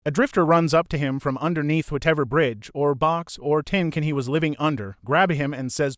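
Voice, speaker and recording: A man reading a reddit story aloud as scripted narration, voicing every character in the same even narrating voice. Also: fairly high pitch, brisk, few pauses, dry recording, studio quality.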